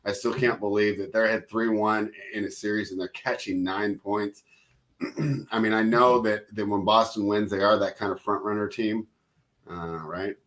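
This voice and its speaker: Bright-voiced man hosting a betting show. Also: fairly low pitch, fairly even intonation. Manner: laughs loudly, teasing, quick back-and-forth. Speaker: host. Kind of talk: casual sports betting chat.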